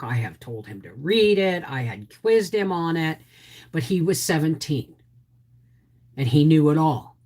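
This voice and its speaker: Husky middle-aged woman telling a story. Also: deep voice. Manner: animated storyteller, acts out quotes, keeps asking "right?". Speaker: homestead channel host. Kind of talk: live-stream storytelling.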